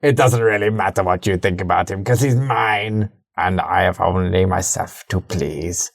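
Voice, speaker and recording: A man doing a slow, gloating villain ruler voice. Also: sits low, creaky, no echo, clean studio sound, pitched below the performer's own voice. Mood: smug. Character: smug sinister male Imperator, slow and drawling.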